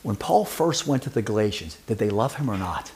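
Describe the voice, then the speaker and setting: A man's voice: lowish voice, animated, brisk, a little mellow, a little hiss or hum. A man preaching a sermon who asks his congregation questions and teases members by name. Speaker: pastor.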